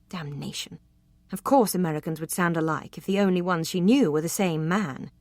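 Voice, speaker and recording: A woman's voice: on the low side, moderate pace, darkish tone, dry recording. Woman narrating a romance novel. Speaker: audiobook narrator.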